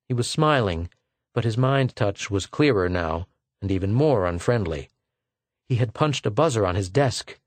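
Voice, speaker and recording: A man narrating a science fiction audiobook in a measured, scripted style that slows at tense moments. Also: fairly low pitch, lively intonation, no room sound.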